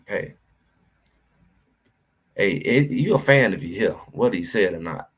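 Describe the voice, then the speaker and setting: Low-voiced man ranting about football. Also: a little slow, slightly rough. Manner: animated, preachy rant, addresses chat directly. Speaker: sports talk host. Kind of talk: livestream sports commentary.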